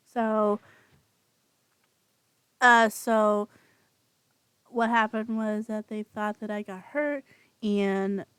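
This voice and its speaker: A woman's voice: on the high side, clean tone, no echo. A woman co-hosting a podcast in casual chat, rambling with many fillers and frequent laughter, speaking over a home microphone on an online call. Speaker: podcast co-host.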